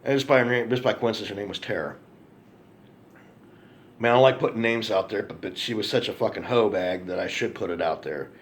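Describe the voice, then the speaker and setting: A man's voice: fairly low pitch, fairly quick, a little hiss or hum. A man telling an angry, profane story to camera in a ranting monologue, repeating himself for emphasis. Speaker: vlogger.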